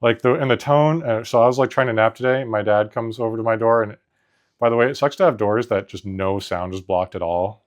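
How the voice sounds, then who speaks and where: A man's voice: lowish voice, a little fast. A young man co-hosting a podcast, rambling through anecdotes in casual chat and mimicking voices. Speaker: podcast co-host.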